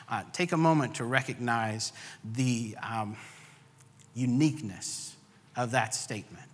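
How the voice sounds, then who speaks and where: A man's voice: mid-range voice, unhurried, a bit bright, slightly rough, long reverb tail. A man preaching a sermon, earnest and building emphasis through repeated phrases. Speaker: pastor.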